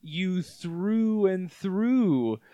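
Groaning storybook monster, put on by a man telling the story: slow, loud, menacing. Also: high-pitched, expressive, no room sound, heavily acted. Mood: groaning menace. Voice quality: drawn-out groaning.

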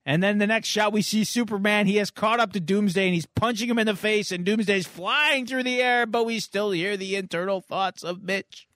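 A man's voice: high voice, normal speed, no echo, studio quality. A man co-hosting a podcast, casually and animatedly retelling a comic book story. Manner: animated storyteller, chuckling between beats. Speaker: podcast co-host.

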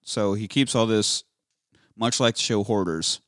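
A man's voice: fairly low pitch, unhurried, a bit bright, no room sound, clean studio sound. A man co-hosting a podcast, recapping a film in a loose, profane, joking way. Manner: profane, jokey, rambling. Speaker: podcast co-host. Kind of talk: casual movie recap chat.

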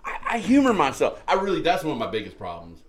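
A man's voice: a little high, wildly swooping pitch, quick pace, crowd noise. A man co-hosting a podcast, telling stories in a casual, profane way and laughing often. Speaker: podcast co-host. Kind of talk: casual chat.

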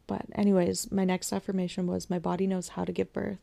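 A young woman hosting a podcast, candidly telling a personal story with whispered asides and soft laughs. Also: on the low side, little pitch movement, a little fast, creaky. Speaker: podcast host sharing her birth story.

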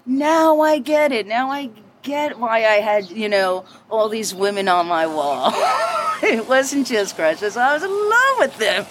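A woman's voice: mid-range voice, noisy background. Woman, middle-aged, bartender, interview storytelling, chatty, laughs often, faint bar ambience. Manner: lively, chatty, laughs often, quick asides. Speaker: bartender telling her story. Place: inside a bar.

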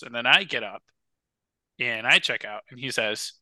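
A young man co-hosting a casual podcast, telling stories with lively, worked-up energy. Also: mid-range voice, moderate pace, dry recording. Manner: animated storyteller, gets loud and worked up. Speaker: podcast co-host. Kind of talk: casual chat.

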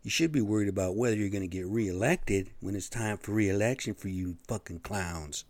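A man's voice: lowish voice, moderate pace, darkish tone, dry recording. A middle-aged man talking in a blunt, profane, rambling monologue, getting worked up as he goes. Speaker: vlogger.

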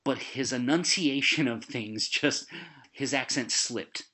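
A man in casual conversation about a film, animated and quick to laugh. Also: mid-range voice, slightly rough.

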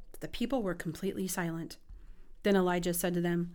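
A woman reading scripture aloud in an expressive, measured way. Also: lowish voice. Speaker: Bible reader.

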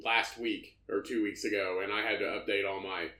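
A man's voice: fairly low pitch, steady tone, fairly quick, bright, forceful tone, echoey room. A man co-hosting a casual podcast, firing off crude, disbelieving wisecracks. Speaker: podcast co-host. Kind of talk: casual banter.

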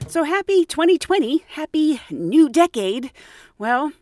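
A middle-aged woman hosts a podcast, her pitch swinging widely as she tells stories and laughs. The sound is close and dry, with no room around it. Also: very animated, takes it slowly, pauses often, darkish tone, no room sound, faint music behind. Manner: chatty, laughs often, acts out quotes. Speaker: podcast host and flight attendant. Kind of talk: casual storytelling podcast.

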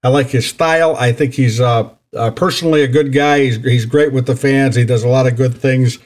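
A man's voice: mid-range voice, steady tone, a little fast, darkish tone. A man hosting a fishing podcast in a casual chat, talking freely and often repeating words as he restarts. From Northern Illinois. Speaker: podcast host.

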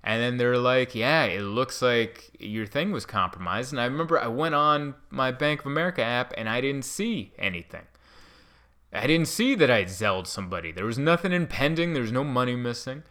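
A man in his mid-thirties telling a story in a rambling, self-mocking way, with animated bursts. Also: medium pitch, moderate pace. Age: 30s. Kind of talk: casual storytelling monologue.

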